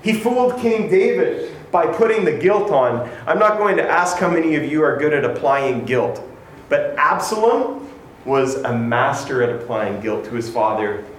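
Preaching in an echoing, spacious room with faint ambience, a male pastor tells a story, voicing its characters and adding wry remarks at his own expense. His voice is on the high side and expressive, moving at a moderate pace.

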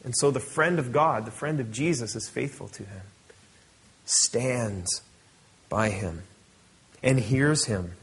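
A middle-aged male pastor preaching with a slightly husky voice. He reads scripture aloud, then explains it in an easygoing, conversational manner. His pitch sits in the ordinary middle range for a man. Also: slow pace, long pauses. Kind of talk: sermon.

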